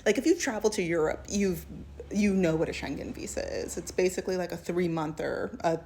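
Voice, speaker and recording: A woman giving a sassy, animated storytime commentary, often slipping into voices of the people she describes. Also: on the low side, brisk, slight background noise. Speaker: video essayist.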